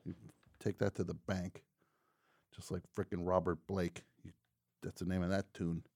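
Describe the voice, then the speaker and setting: Low-voiced guy hosting a call-in show, rambly jokes, dry close sound. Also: flat delivery, moderate pace, darkish tone, dry recording. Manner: rambling, jokey asides. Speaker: talk show host. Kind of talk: casual call-in chat.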